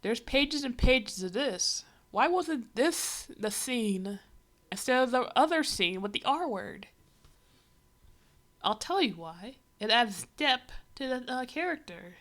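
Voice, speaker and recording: A woman with a slightly high voice talks through a comic on a casual livestream. Her commentary rambles and stays wry, with plenty of "like" and "uh" along the way. She reacts as she reads rather than following a script. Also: animated, slow, a bit bright. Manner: rambling, wry running commentary with many fillers. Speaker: livestreamer reading a comic aloud.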